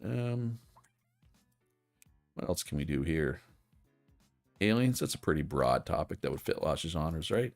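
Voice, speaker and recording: Male streamer, deep voice, relaxed rambling play-by-play commentary, light music underneath. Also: a little slow, vocal fry, long pauses. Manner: chatty, thinks aloud, frequent fillers and restarts. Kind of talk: casual gameplay commentary.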